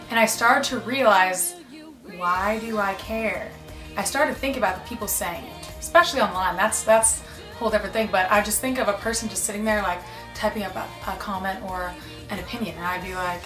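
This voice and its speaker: A woman's voice: mid-range voice, a little fast. A young woman talking casually and earnestly, giving encouraging self-help advice. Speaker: advice speaker. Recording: echoey room with faint music.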